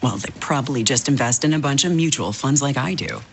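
A woman's voice: a bass voice, lively intonation, a little fast, a little hiss or hum. A woman performing a skeptical, doubting character in a scripted radio ad. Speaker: ad voice actor.

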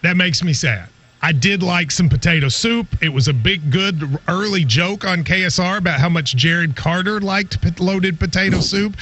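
Man, radio host, high bright voice, lively, laughs a lot. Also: normal speed, husky. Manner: animated, laughs often. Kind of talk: casual sports radio chat.

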